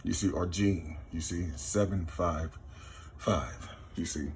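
A man's voice: steady tone, darkish tone, a little hiss or hum. A man, rambling through a spiritual numerology monologue, counting numbers half-aloud and repeating "you see". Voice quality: very husky, slow, low-key. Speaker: self-taught numerology teacher.

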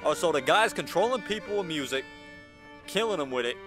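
Over music, a man with a slightly high, expressive voice talks a little fast while hosting a casual let's-play on his gaming channel. He's jumpy, talks to the screen in slang like "bro" and "y'all," and yelps often when startled.

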